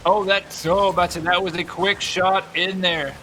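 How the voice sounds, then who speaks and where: A young man giving energetic, jokey play-by-play commentary on a video game tournament. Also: sits high, slight background noise. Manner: energetic, jokey, quick exclamations. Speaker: esports commentator.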